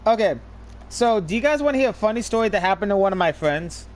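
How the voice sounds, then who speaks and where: A man streaming a video game, telling stories casually in an animated, profane way. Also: sits high, quick pace. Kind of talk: casual chat while gaming.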